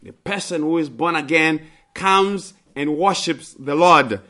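A man delivers a sermon in a bright, slightly high voice. He takes his time, repeats key phrases for emphasis and lifts his voice sharply when he acts out a plea. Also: unhurried. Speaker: preacher. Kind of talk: sermon with scripture reading.

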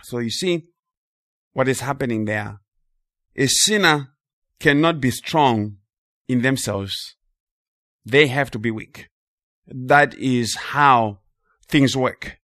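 A man preaching a sermon with emphasis, repeating key phrases and slowing on important words. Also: medium pitch, bright, forceful tone, no echo, studio quality.

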